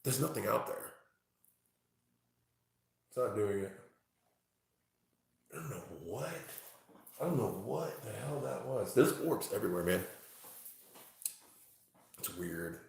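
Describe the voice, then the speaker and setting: Animated gravelly man in an echoey room. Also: on the low side, slow pace, long pauses. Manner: excitable, swears freely, exclaims and laughs. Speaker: tarot reader livestreaming to chat. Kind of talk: casual live-stream chat. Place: at home, indoors.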